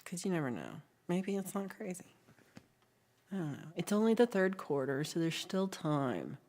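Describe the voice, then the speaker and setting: Low-voiced chatty woman livestreamer. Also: big pitch swings, moderate pace, darkish tone. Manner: chatty, reads viewer messages aloud, frequent ums. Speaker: livestream host. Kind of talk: casual livestream chat.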